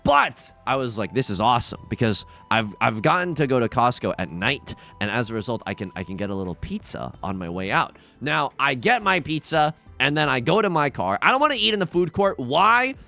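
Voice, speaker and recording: A man hosting a let's play, chatting casually and rambling with many restarts, getting excitable over the game. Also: medium pitch, brisk, vocal fry, hardly any pauses, soft background music. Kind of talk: casual gaming commentary.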